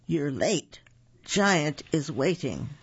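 Strict barking principal, husky, lo-fi, read aloud. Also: medium pitch, big pitch swings, very slow, dry recording, exaggerated voice. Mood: stern. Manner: curt and commanding. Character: strict stern male school principal. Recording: dull lo-fi recording.

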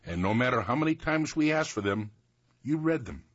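A man reminiscing about childhood stories and reciting a holiday poem in a lively, sing-song way. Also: mid-range voice, fairly quick, breathy edge. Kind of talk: reading poem aloud. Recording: slightly dull recording.

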